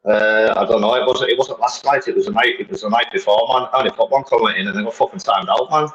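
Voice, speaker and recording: A man's voice: fairly low pitch, fast talker, highs cut off. Stammering man trying to keep peace. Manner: hesitant, stammering, tries to calm things. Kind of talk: casual live-stream chat.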